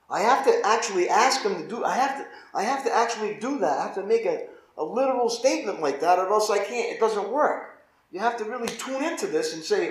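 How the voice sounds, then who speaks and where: A man's voice: high voice, animated, fast talker. A man, a pastor, teaching a Bible study in an informal, conversational way and often asking his listeners "right?". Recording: echoey room.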